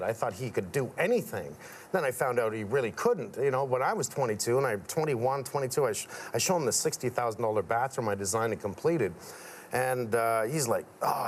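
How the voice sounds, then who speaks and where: A man's voice: medium pitch, a little hiss or hum. A middle-aged man, a contractor guest on a talk show, chatting casually and acting out quoted people as he tells stories. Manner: animated storyteller, acts out quotes.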